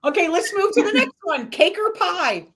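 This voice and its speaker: A woman hosting a live-stream interview, firing quick questions in a bubbly, teasing way and laughing often. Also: very high voice, very animated, a bit bright. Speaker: host.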